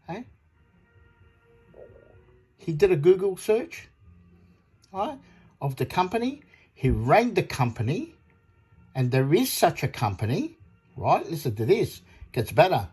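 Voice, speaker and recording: Indignant middle-aged man from Australia, husky voice, repetitive ranting monologue. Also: fairly high pitch, very animated, a little slow, pauses often, darkish tone, faint music behind. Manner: indignant, repetitive, retells phone calls with quoted voices. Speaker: audio kit seller.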